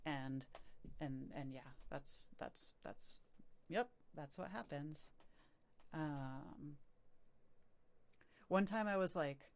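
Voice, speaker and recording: Low-voiced woman rambling on stream. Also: takes it slowly, long pauses. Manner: rambling, many fillers and restarts, swearing. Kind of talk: casual rambling stream chat.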